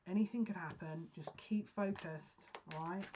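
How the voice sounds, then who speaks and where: A woman giving a pick-a-card psychic reading, talking earnestly and emotionally with halting restarts. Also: fairly low pitch, a little mellow, a little hiss or hum. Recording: dull lo-fi sound.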